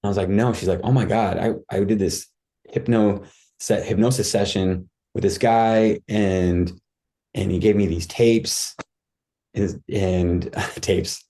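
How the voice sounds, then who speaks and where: Man, very low voice, warm and mellow, candid rambling storyteller, podcast guest. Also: steady tone, slow pace. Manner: candid, rambling, many fillers and restarts. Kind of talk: casual storytelling.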